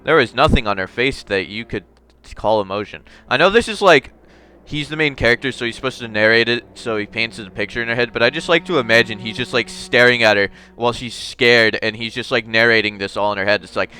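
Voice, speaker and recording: A man's voice: medium pitch, fairly quick, pushed and bright, clear, resonant tone. A young man playing through a game on video, reading its text aloud with jokey asides. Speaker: gamer. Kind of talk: let's play commentary and text reading.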